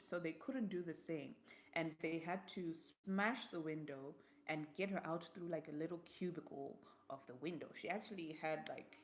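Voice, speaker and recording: A young woman, telling a personal story in a live vlog, slipping into Shona words as she goes. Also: deep voice. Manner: vivid storyteller, slips into Shona. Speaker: vlogger and host.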